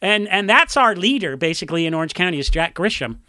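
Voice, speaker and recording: A man's voice: high-pitched, animated, quick pace, pushed and bright, no echo, studio quality. A man talking casually as a podcast guest, telling rambling stories with fillers and laughs. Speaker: podcast guest, punk musician. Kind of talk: casual chat.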